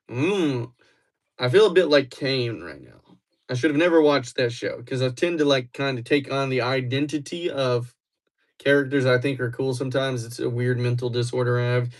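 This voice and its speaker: A man talking loosely to his livestream audience in a teasing, playful way. He jumps into excited bursts as he reacts to viewers, then settles back into easy banter. His pitch sits right in the ordinary middle for a man. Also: moderate pace. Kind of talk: casual livestream chat with viewers.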